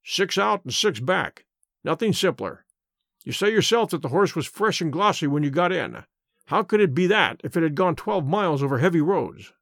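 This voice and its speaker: Male reader plays a Victorian detective: calm, incisive, a lively lilt to the voice. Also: fairly high pitch, creaky, dry recording, full character voice. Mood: assured. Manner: measured, dry and assured.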